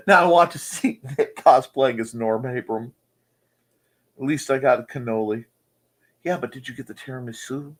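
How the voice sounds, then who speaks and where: A man's voice: mid-range voice, slightly rough. A man hosting a casual livestream chat from home, playful and chatty as he reads comments. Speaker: host. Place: home room.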